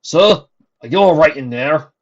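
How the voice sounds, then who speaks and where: A man voicing an anxious, dutiful young male soldier pony, higher and louder than his narration, on a dull lo-fi recording. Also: lively intonation, a little slow. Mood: worried. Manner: deferential, respectful.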